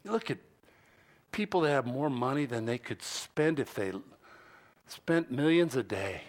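A man preaching a sermon as pastor, stressing key phrases loudly and then dropping low and quiet, repeating lines for effect. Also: lively intonation. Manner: slow, deliberate delivery with repeated phrases.

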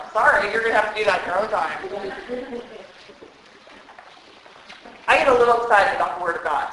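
A woman preaching at a retreat, lively and emphatic, repeating words for effect. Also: a little high, far from the mic, a little hiss or hum. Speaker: retreat speaker. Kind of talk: sermon. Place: hall at a church retreat. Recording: echoey hall.

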